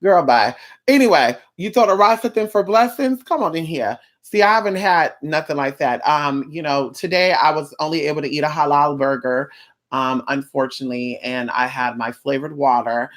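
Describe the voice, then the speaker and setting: Mid-pitched voice, sassy live-stream chatter, campy, drawn-out "honey", profane, rambling. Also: a bit bright. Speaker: live streamer greeting chat viewers. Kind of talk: casual live-stream chat.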